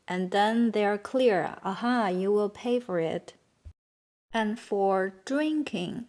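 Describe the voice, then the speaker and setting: Slow-paced woman with a Chinese accent teaching. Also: mid-range voice, darkish tone. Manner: patient, repeats words slowly for learners. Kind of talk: beginner language lesson.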